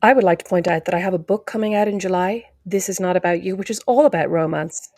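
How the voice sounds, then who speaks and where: Rapid-fire woman co-host, teasing and quick-witted in casual banter. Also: lowish voice, darkish tone. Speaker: podcast co-host. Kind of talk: casual chat.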